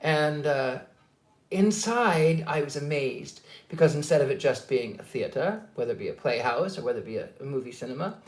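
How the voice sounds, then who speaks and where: A man's voice: fairly high pitch, animated, moderate pace. Psychic host, male, rambling casual storyteller, echoey room. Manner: chatty, digressive, with many fillers and restarts. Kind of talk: casual live-stream storytelling. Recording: roomy echo.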